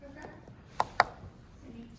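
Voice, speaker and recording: A woman acting as presiding judge in a mock trial, giving brisk, directive instructions in a courtroom. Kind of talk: formal courtroom instructions, then casual chat. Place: large courtroom. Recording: echoey courtroom, heard from a distance, loud crowd chatter.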